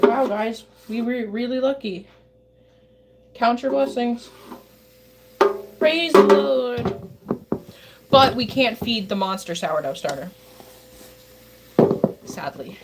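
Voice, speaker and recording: Chatty woman livestreaming from a noisy kitchen. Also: fairly high pitch. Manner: rambling, chatty, talks to her chat. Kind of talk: casual livestream chat while baking. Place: home kitchen.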